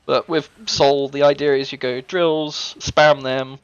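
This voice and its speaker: A man's voice: medium pitch, little pitch movement, takes it slowly, clean tone, no room sound, lo-fi sound. A man coaching and commentating a strategy game in a casual, joking way, explaining tactics as he talks.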